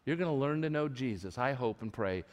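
A man's voice: medium pitch, a little fast. A man preaching a sermon to a live congregation in a church, retelling stories with animation and often restarting his words. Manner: animated storytelling with frequent restarts. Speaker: pastor. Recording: long reverb of a large hall.

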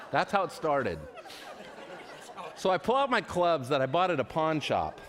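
A man's voice: a little high, very animated, unhurried, a crowd in the background, background noise. A male pastor telling a personal story in a sermon, chatty and self-deprecating, stumbling over his words as he goes. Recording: long reverb of a large hall.

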